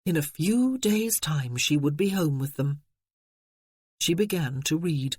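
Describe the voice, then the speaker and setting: Expressive audiobook narrator, mid pitch, dry close read. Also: unhurried, husky, no echo. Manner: expressive storytelling. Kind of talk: scripted narration.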